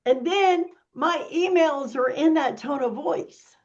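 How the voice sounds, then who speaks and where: Woman, slightly high voice, slow unhurried delivery, sassy, step-by-step explaining, casual teaching talk, dull lo-fi call audio. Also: darkish tone. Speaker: workshop presenter.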